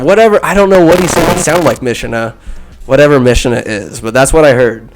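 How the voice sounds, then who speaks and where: A man hosting a podcast, recapping a film in a rambling, casual way with crude asides and quick quoted voices. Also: medium pitch, soft background music. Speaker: podcast host. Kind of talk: comedic movie recap.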